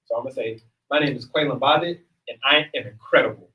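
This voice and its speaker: An upbeat man runs a group workshop in a room full of people, speaking casually and checking in with the room. His pitch sits in an ordinary middle range, and he is picked up from a little distance away from the mic. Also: fast, bright, forceful tone. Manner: upbeat, casual, keeps checking in with "all right?". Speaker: workshop facilitator and self-help coach.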